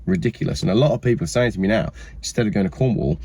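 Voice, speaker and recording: A man's voice: fairly low pitch, lively intonation, very fast, darkish tone, slightly rough. A man hosting a casual chat, talking in an enthusiastic, upbeat way. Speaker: host.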